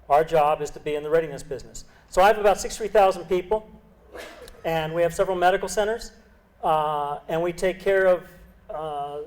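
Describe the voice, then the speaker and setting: A man's voice: fairly high pitch, a little mellow, low-quality recording. A middle-aged man, a senior Navy medical officer, giving an earnest public lecture with emphatic repetition. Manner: earnest, emphatic speech with repeated phrases. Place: club lecture hall.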